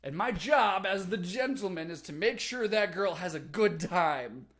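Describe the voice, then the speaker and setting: Young guy streaming, telling a wild story, bright voice, super animated. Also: unhurried. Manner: animated, laughing, big pitch jumps for emphasis. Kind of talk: casual storytelling livestream.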